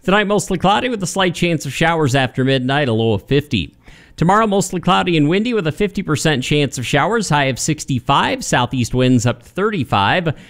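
A man reading a local radio weather report in a brisk, steady broadcast delivery on a studio microphone. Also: on the high side.

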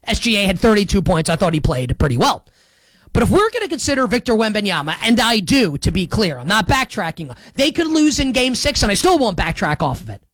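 A man hosting a sports talk show, giving opinionated commentary in a sarcastic, emphatic way, with big swings in pitch and pace. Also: sing-song, brisk, a bit bright, no echo.

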